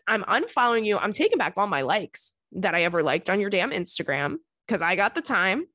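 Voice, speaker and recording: A woman's voice: mid-range voice, sing-song, fairly quick, few pauses, dry recording. Woman in her thirties, podcast host giving blunt, sweary advice; dry, close sound. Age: 30s. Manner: blunt, swearing, gets riled up and loud. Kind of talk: casual chat.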